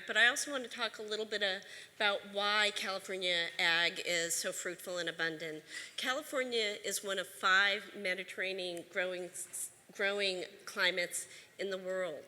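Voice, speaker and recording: A woman delivers an earnest, emphatic conference talk as an agriculture official, now and then restarting a word. Her voice is bright and forward. The sound carries a long reverb from a large hall. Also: mid-range voice. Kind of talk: conference speech.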